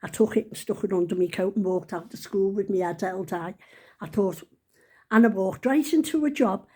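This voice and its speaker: Older woman, 70s, chatty rambling storyteller, mellow tone, laughs at herself. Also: mid-range voice, moderate pace, husky. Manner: chatty, rambling, self-mocking, laughs while telling. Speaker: vlogger. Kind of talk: casual storytelling.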